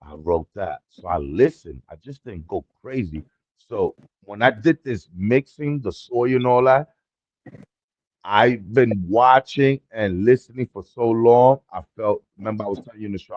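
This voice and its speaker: Male guest, slightly low voice, excitable storyteller, dry lo-fi remote audio. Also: moderate pace, no echo. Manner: excited storyteller, slangy, acts out dialogue. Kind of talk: casual livestream chat.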